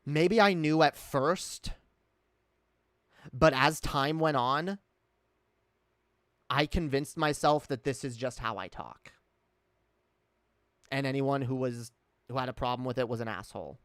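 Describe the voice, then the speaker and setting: A man's voice: medium pitch, a little slow, pauses often, fairly bright tone, clean tone, no room sound, clean studio sound. A man speaking with a put-on British accent in a casual live-stream chat, rambling candidly, reading chat and swearing often. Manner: reads and answers chat.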